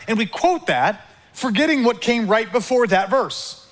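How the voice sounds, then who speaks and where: A man preaching a sermon, calling on the congregation to repeat words and acting out quick inner dialogues. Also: high voice. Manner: animated preaching with call-and-response and acted-out inner dialogues. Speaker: pastor.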